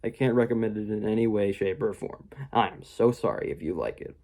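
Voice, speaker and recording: A man's voice: lowish voice, a little fast, vocal fry, darkish tone. A young man giving a casual spoken movie review, rambling with many fillers and mocking quoted voices.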